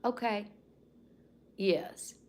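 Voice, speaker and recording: A Southern US woman in her fifties hosts a casual livestream chat from home, rambling folksily to live viewers with soft asides. Her mid-range voice moves extremely slowly, and the recording carries a little hiss or hum.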